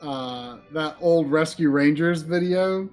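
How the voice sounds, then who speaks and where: A man's voice: on the high side, slow pace, a little mellow, faint music behind. A man with a faded Southern US accent chatting casually on a stream, often repeating words as he talks. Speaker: co-host.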